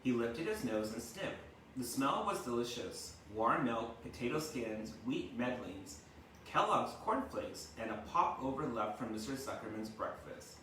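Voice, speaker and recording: A man's voice: mid-range voice, animated, measured pace, fairly bright tone, slight background noise. A male teacher reading a storybook aloud to his class, chatting and explaining words and often asking "right?". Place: home kitchen. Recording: echoey room, mic far off.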